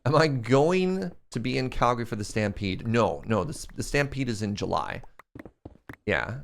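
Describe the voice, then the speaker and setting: A man's voice: mid-range voice, very animated, moderate pace, creaky, slight background noise. A young man streaming a game, chatting casually and joking as he answers chat questions. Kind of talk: casual live-stream chat while playing.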